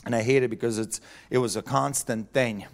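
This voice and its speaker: A man's voice: mid-range voice, fairly even intonation, a little fast, creaky. A man preaching a sermon in a conversational way, chuckling often and asking the audience questions.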